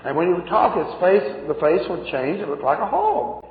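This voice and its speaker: Folksy preacher in an echoey hall. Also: male voice, high-pitched, big pitch swings, moderate pace. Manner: folksy, chuckling storyteller. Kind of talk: folksy sermon storytelling. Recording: phone-like echoey hall recording.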